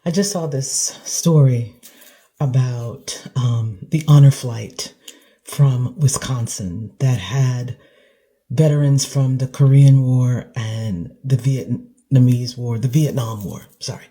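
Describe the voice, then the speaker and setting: Slow, emotional woman with a mellow voice. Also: very deep voice. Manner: emotional, halting, clears throat. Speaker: commentator. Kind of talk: emotional reaction monologue.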